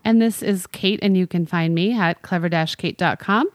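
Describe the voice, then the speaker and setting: A woman's voice: on the low side, no echo, clean studio sound. A woman co-hosting a podcast, chatting casually and joking along with her co-host. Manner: chatty, quick to agree and joke. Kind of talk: casual chat.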